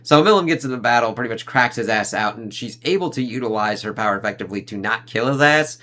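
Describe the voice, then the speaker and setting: A man giving a casual, loose review of an anime season, swearing freely and leaning on fillers like "like" and "uh", with quick impressions of the characters he talks about. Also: mid-range voice, animated, sharp tone. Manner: rambling, profane, heavy on fillers like "like" and "uh".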